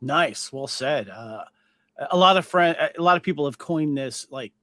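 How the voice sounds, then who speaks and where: A man hosts a casual podcast, his voice a little high and swinging freely up and down. He keeps things moving with quick affirmations and questions for the guests. The sound is dry and close. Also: dry recording. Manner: lively, brief affirmations, steers the conversation. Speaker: podcast host.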